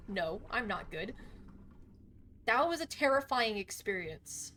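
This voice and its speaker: A young adult woman streaming a game live, chatting casually and swearing constantly, with loud outbursts. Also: medium pitch, very animated, slow pace, slight background noise. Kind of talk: casual gaming livestream chat.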